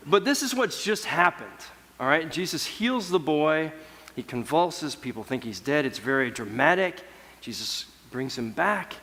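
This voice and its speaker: A man preaching a sermon as pastor in a relaxed, conversational storytelling way, acting out the people in the story. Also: fairly high pitch, big-room sound. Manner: conversational storytelling, voicing biblical figures.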